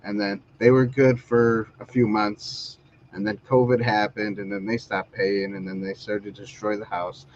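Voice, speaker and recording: A man's voice: on the low side, level tone, moderate pace, a little hiss or hum. Rambling man on lo-fi stream audio. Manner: rambling storyteller, laughs often. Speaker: talk show host. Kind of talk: casual chat.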